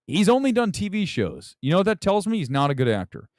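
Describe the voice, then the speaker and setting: Loud, lively-voiced man hosting a livestream. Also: high voice, fast talker, no room sound, studio quality. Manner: loud, profane, rambling. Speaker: movie talk show host. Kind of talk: casual livestream chat.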